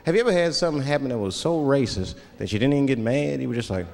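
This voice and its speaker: A man performing stand-up comedy on stage, telling profane, animated stories. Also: mid-range voice, rapid-fire, gravelly. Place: comedy stage before live audience. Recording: live stage hall with crowd.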